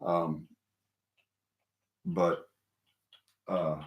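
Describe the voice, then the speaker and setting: A deep-voiced man from the American South who hosts a live stream. He chats with viewers in a rambling, emphatic way and keeps repeating his points. His voice rings in an echoey room. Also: little pitch movement, extremely slow, dull audio. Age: middle-aged or older. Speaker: host of a paranormal live stream.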